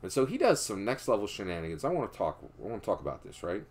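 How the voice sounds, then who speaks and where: A man from Philadelphia, USA, tells stories as casual political commentary, speaking emphatically and ending nearly every sentence with a questioning "right?" He drops low and quiet for moral points, and his fast delivery has huge pitch swings.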